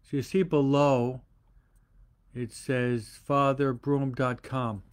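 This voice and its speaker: A priest giving a homily to an online audience, slowly repeating rhetorical questions and often pausing and restarting mid-sentence. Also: male voice, mid-range voice, flat delivery, clean tone. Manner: slow, repetitive preaching with rhetorical questions; pauses and restarts often, speaking to online viewers. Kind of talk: livestreamed homily.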